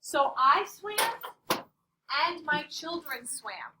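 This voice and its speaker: A woman teaching a Spanish class, playful and animated, quizzing her students as she goes. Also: high-pitched, extremely slow, noisy background. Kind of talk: classroom lesson. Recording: distant classroom mic.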